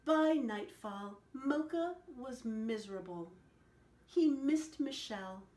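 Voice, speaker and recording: A woman telling a picture-book story to children, animated and asking them questions along the way. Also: a little high, slow. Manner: animated, asks the listeners questions. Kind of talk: picture-book read-aloud. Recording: echoey room.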